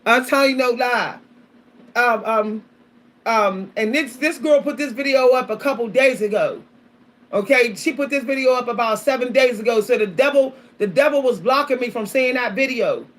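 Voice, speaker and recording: A woman's voice: on the high side, normal speed. A woman vlogger talking casually and animatedly to her viewers, often repeating herself, calling out to them and laughing between points. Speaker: spiritual vlogger.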